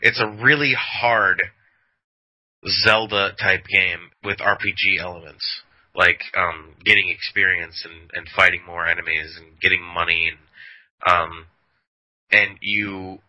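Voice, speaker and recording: Deep voiced guy rambling on a podcast, kinda forceful tone, laughs a lot. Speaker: podcast co-host. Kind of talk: casual chat. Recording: dull lo-fi audio.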